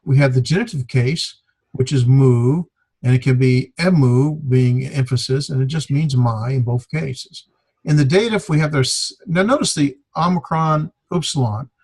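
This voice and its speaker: A man teaching a Greek grammar class, explaining in a halting way with many fillers. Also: mid-range voice, darkish tone, breathy edge. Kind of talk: classroom lecture.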